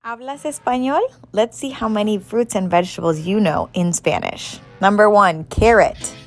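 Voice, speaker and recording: A woman's voice: medium pitch, moderate pace, soft background music. A woman running a Spanish vocabulary quiz, upbeat and encouraging. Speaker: Spanish teacher. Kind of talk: quiz-style vocabulary lesson.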